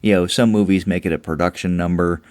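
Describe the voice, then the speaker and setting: A man co-hosting a podcast, chatting casually about movies, animated and jokey. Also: low voice, quick pace, clear, resonant tone, dry recording. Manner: animated, jokey, acts out quotes. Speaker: podcast co-host. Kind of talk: casual movie review chat.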